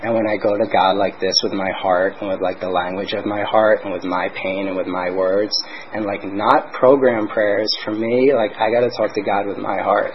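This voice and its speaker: A man's voice: on the low side, flat delivery, normal speed. A young man candidly sharing his recovery story at a twelve-step meeting, talking conversationally with lots of "like" and "you know". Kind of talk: personal recovery share. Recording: dull lo-fi recording with faint noise.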